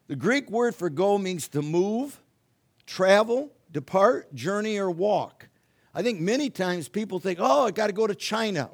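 High-voiced pastor preaching emphatically. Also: male voice. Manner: emphatic, repeats key words with rising force. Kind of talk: sermon. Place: church or home, streamed to remote listeners.

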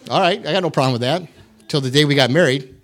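A man's voice: fairly high pitch, fairly bright tone. A middle-aged man from the United States giving a candid, self-deprecating personal testimony in a church, with wry humor.

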